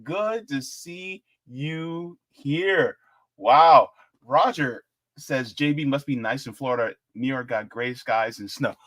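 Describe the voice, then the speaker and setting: A man hosting a live-stream politics show, chatting casually, animated and jokey as he reads out the chat. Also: medium pitch, slow pace.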